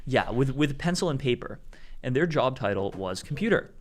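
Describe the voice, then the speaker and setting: A man co-hosting a live tech news show, calmly laying out arguments with examples in a casual commentary style. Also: medium pitch, moderate pace. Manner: explanatory, builds arguments with examples. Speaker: co-host.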